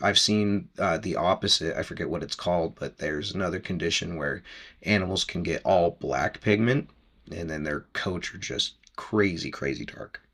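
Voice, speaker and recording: A man's voice: low-pitched, fairly bright tone. A man hosting a podcast, casually recapping a book chapter in a rambling, chatty way with easy laughs.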